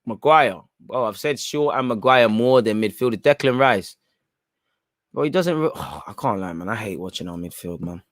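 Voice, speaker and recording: A man's voice: on the low side, animated, moderate pace, dry recording, clean studio sound. A man hosting a live football watchalong, talking casually and with strong opinions about the play, often tacking "man" onto his phrases. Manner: reads chat messages aloud and reacts. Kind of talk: live casual match commentary.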